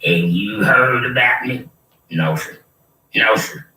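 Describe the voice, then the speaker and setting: A man's voice: fairly low pitch, takes it slowly, sharp tone. An older man, delivering a rambling, preachy and threatening monologue. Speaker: self-proclaimed prophet. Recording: roomy, distant mic with faint noise.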